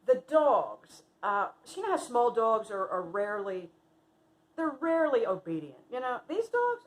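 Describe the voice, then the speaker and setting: A woman's voice: a little high, moderate pace, low-quality recording. A woman, telling a casual story about a late friend and acting out other people's lines. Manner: animated, acts out quotes loudly. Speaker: vlogger sharing memories of a friend.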